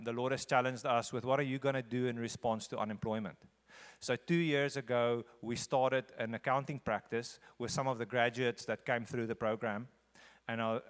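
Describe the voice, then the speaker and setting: A man addresses a church congregation as a visiting speaker. His voice sits at an ordinary middle pitch and he talks earnestly, repeating phrases to drive them home. The sound rings with the long reverb of a big sanctuary. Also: clean tone. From South Africa. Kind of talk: conversational church talk leading into a sermon. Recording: echoey church hall.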